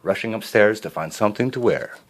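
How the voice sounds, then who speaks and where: Low-voiced male storybook reader. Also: fairly quick, slight background noise. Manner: expressive with small slips and restarts. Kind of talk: reading a children's storybook aloud.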